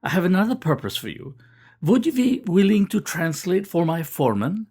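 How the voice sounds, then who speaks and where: A man's voice: sits high, very animated, normal speed, darkish tone, slightly rough, voice pushed up, exaggerated voice. A man voicing a young, hearty male cannery boss with a Norwegian accent who speaks in effusive exclamations. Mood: persuasive.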